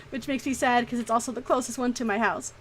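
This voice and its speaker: A woman's voice: on the high side, normal speed, a little hiss or hum, rough recording. Chatty, swearing woman streamer. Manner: animated, swears freely, laughs often. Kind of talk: casual storytelling chat.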